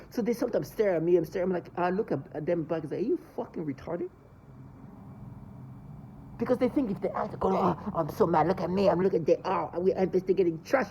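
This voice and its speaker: A man's voice: high voice, warm tone, a little hiss or hum. A man ranting angrily in a monologue to camera, cursing and agitated. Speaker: vlogger.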